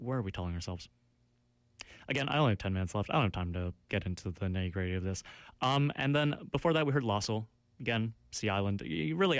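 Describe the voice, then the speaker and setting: On a studio mic with no room sound, a man with a lowish voice hosts a campus radio show, casually rambling through track notes with many fillers and restarts while poking fun at himself.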